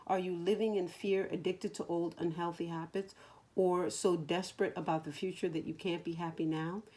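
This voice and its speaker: Soft-spoken woman giving a card reading. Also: on the low side, flat delivery. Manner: slow, soothing, dropping to whispers at times. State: choked up. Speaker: spiritual card reader.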